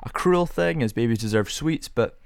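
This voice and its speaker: A man's voice: medium pitch, lively intonation, moderate pace, vocal fry, clean tone, no echo, studio quality. A young man hosting a casual solo podcast, rambling through rhetorical questions with self-amused musing. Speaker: podcast host.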